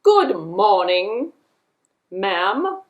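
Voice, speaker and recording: A woman's voice: mid-range voice, very animated, extremely slow, highs cut off. A woman voicing a sly, courteous male fox in a children's puppet show, commanding in a polite way. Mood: polite, firm.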